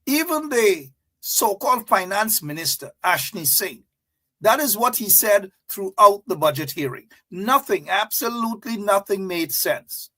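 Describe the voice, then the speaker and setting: High-voiced guy hosting, mocking and emphatic, says stuff twice. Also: expressive, a little slow, pushed and bright. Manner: mocking, emphatic, repeats for effect. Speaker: host. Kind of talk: political commentary.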